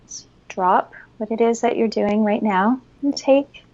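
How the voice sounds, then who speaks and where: Calm woman guest on a dull line. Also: on the high side, a little slow. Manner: calm and instructive, guides a breathing exercise. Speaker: guest expert on parenting. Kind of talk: explanatory interview talk.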